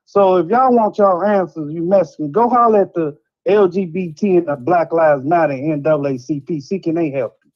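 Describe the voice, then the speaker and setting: Frustrated caller ranting over a muffled line. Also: male voice, a little high, fairly quick. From Chicago. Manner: frustrated, rambling, repeats "man" and "White". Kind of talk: heated call-in rant.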